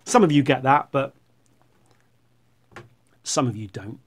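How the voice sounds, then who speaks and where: A middle-aged YouTuber rambles sarcastically while reading out viewer comments on his channel, putting on silly voices for them. His voice is medium-pitched and animated, at a slow pace.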